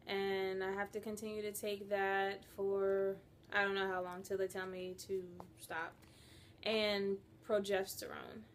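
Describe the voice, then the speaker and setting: A young woman chatting to the camera at home on her couch, animated and laughing at herself. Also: mid-range voice, a little hiss or hum. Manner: animated, laughing, self-mocking. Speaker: vlogger. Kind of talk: casual chat to camera. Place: living room couch at home.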